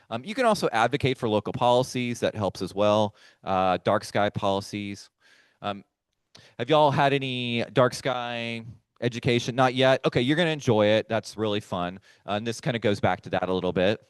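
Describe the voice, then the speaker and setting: Casual man presenting a talk; low, clear voice, speaks straight to the audience. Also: no echo. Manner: conversational, chatty, addresses the audience directly. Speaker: firefly researcher giving a talk. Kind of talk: casual lecture to a live audience. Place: meeting room with a live audience.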